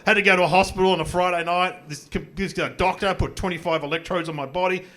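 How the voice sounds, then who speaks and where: A middle-aged man with an Australian accent performs a chatty, self-mocking stand-up set on a club stage, captured live with audience noise. His voice is high-pitched, bright and forceful, quick in pace with fairly even intonation.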